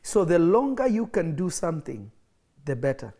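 A man preaching a livestreamed sermon with a fairly high voice. He is emphatic and drives each point home by repeating phrases. Now and then he coughs or laughs between points. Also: big pitch swings, normal speed, dark tone.

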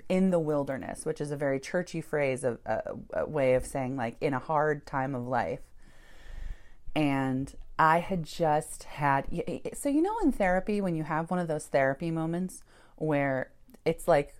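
A woman with a slightly low voice tells a personal story in an interview, candid and animated. She swears freely and laughs between thoughts as she recounts how she came to start a church. Her voice rises sharply when she acts out her own reactions. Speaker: church founder and pastor.

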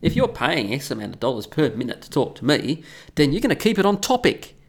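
A man holds forth in a casual, opinionated rant and swears freely along the way. His gravelly voice swings widely in pitch as he gets worked up. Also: big pitch swings, brisk. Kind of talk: casual ranting monologue.

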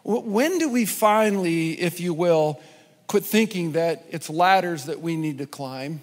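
High-voiced pastor in a reverberant hall. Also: male voice, measured pace. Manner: conversational, lively storytelling. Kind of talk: sermon with a told joke.

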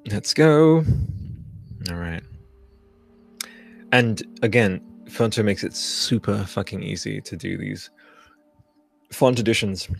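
A man's voice: fairly low pitch, gravelly. A man in his thirties hosting a live stream, chatting casually in a loose, profane, hyped-up way. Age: 30s. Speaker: podcast host.

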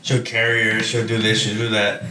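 A young man co-hosting a casual chat, swearing often and telling animated stories with frequent laughs. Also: on the low side, normal speed. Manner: profane, laughing, animated storytelling. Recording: roomy, distant mic with clear background noise.

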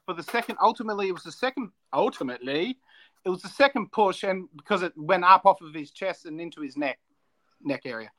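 A man's voice: sits high, expressive, quick pace, bright, forceful tone. A man, co-hosting a casual podcast and ranting with heavy swearing. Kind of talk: casual chat.

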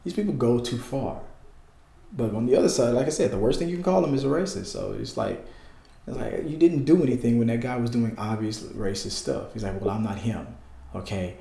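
Gravelly man ranting heatedly. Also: medium pitch, animated, brisk, warm tone, reverberant. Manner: heated, emphatic, repeats himself, restarts often. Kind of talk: casual political rant.

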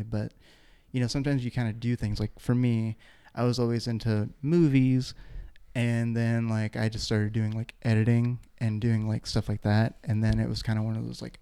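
Young male podcast host, rambling casual talker, gravelly and dark. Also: fairly low pitch, little pitch movement, moderate pace. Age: 20s. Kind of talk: casual chat.

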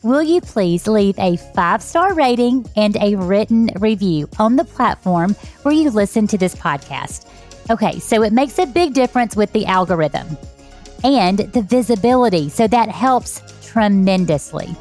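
Texan lady podcast host, gushing and upbeat, soft music playing underneath. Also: mid-range voice, lively intonation, normal speed. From Texas. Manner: enthusiastic, effusive. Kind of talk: podcast interview.

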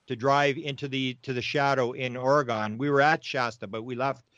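A man from Winnipeg, a guest author telling stories in an excitable, rapid-fire way. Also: medium pitch, no echo, lo-fi sound. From Winnipeg, Canada. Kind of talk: animated storytelling interview.

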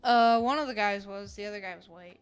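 A woman with a mid-range voice co-hosts a casual podcast, speaking briskly. She tells rambling stories with plenty of fillers and casual swearing.

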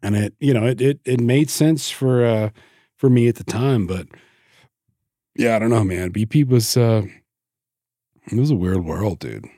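A man's voice: fairly low pitch, measured pace, long pauses, warm tone, no room sound, clean studio sound. A man hosting a podcast, telling a story in loose, profane casual chat with lots of restarts. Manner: profane, rambling, with many restarts. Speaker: podcast host.

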